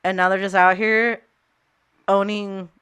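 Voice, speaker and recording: Young woman, interview guest, passionate and halting, smooth clear tone, middle pitch. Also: little pitch movement, fairly bright tone. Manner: passionate, halting, many fillers, emotional. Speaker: interview guest, cannabis and labor advocate. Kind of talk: casual conversational interview.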